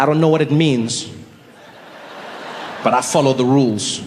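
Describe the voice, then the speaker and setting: High-voiced man doing stand-up in a hall. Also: measured pace, pauses often, a little hiss or hum. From South Africa. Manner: animated, acts out shouting crowds in a high voice. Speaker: stand-up comedian. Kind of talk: stand-up comedy routine. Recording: live hall with reverb and faint ambience.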